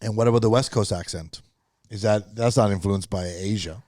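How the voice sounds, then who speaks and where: A man with a fairly low voice drops dry, offhand remarks into a relaxed podcast chat. He sits close to the mic and the recording is dry. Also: normal speed, no echo. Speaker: podcast co-host. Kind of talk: casual chat.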